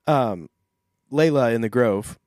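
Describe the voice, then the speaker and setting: A man reading a book aloud on a podcast and chatting about it wryly, slipping into quick quoted voices. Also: mid-range voice, darkish tone, dry recording, studio quality. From St. Louis. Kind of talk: casual chat and reading aloud.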